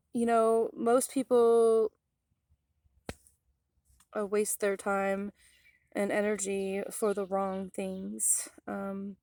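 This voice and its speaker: A woman rambles through an outdoor vlog near a forest, full of ums and asides to her viewers. Her pitch sits in the middle for a woman. The sound is close and dry, with no room echo. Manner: coos softly to an animal in a higher voice. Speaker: vlogger.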